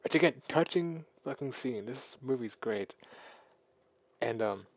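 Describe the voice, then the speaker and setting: A man's voice: medium pitch, a little slow, no room sound, lo-fi sound. A man giving a casual spoken film review, rambling through the plot with lots of fillers and restarts. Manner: rambling, filler-heavy, excited plot retelling. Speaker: movie reviewer.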